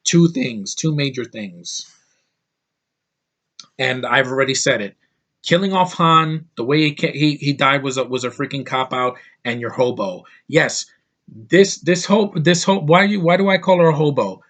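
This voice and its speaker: An American man in a middle-pitched voice, talking in a loose, emphatic vlog rant. He talks in blunt opinions and keeps tripping over and restarting his sentences. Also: expressive, a bit bright. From United States. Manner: opinionated, emphatic, quick to dismiss things; frequent restarts and stammering. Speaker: vlogger.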